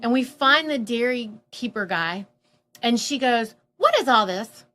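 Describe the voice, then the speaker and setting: A woman casually telling a personal story, animated and full of fillers, acting out the voices of people she quotes. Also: fairly high pitch, unhurried. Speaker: guest telling her story.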